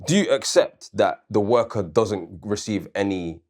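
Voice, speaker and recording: A man with a fairly low voice co-hosts a casual debate. He presses his argument earnestly, with pointed questions and stories from his own working life. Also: animated, unhurried, a little mellow. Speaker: co-host.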